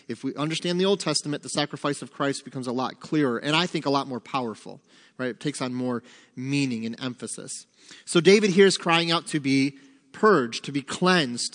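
A man's voice: a little high, a bit bright. Man teaching Scripture in a hall. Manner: asks the class questions, then answers them. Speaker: Bible teacher. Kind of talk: interactive Bible study teaching.

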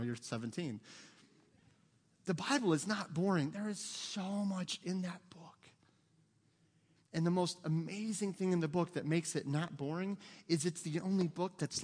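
A middle-aged pastor with a drawl delivers a sermon that feels like a conversation, full of humor and asides. His voice sits high for a man. It rings out with a long reverb through the church sanctuary. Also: normal speed, a little mellow.

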